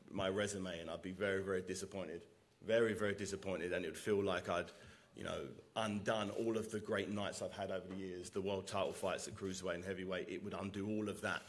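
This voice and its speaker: At a press conference, a boxer with a low male voice answers questions earnestly, repeating words for emphasis.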